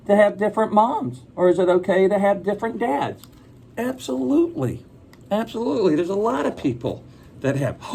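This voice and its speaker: A man's voice: sits high, a little mellow, slightly rough. A man reading a picture book aloud to children, chatting and asking them questions as he goes.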